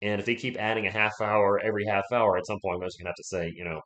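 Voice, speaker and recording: This man's lowish, fairly bright voice moves briskly with fairly even intonation. He is running a sports livestream, chatting loosely, rambling, and calling out viewers by name. His voice hasn't fully bounced back from an illness.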